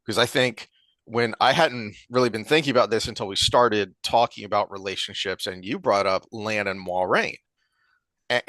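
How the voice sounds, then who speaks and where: A man co-hosting a podcast, talking in a rambling, animated way with frequent restarts. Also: fairly low pitch, no room sound. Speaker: podcast co-host. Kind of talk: casual chat.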